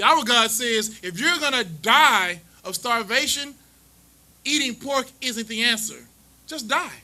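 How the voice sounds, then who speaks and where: High-pitched man, bright piercing tone, preachy and mocking scripture teacher. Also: rough recording. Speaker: teacher leading a scripture class. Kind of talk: street-style scripture teaching.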